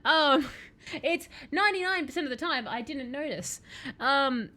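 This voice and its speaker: A woman livestreaming a video game, chatting and joking with her viewers between scenes. Her voice sits high and sounds bright and crisp. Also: expressive, measured pace. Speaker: streamer. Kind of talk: casual live game commentary.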